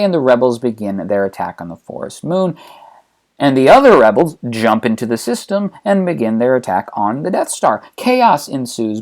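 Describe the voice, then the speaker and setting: Wry, animated comedy narrator. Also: mid-range voice. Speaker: channel host, narrator. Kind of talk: comedic story retelling.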